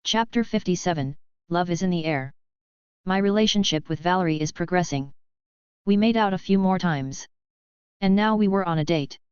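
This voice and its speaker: A woman reads a web novel aloud at an even, steady pace. Her voice is exceptionally smooth and clear, sitting a little low. The recording is dry and slightly dull, with no room sound. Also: moderate pace, dry recording. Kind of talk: audiobook narration of a web novel.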